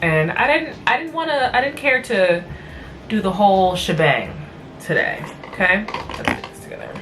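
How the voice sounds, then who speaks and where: A woman's voice: medium pitch, expressive, a little slow, fairly bright tone. Woman vlog host, worn out, blunt and chatty, mic a bit distant, faint hiss. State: tired. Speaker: vlog host reviewing cartoon episodes. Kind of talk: casual rambling recap.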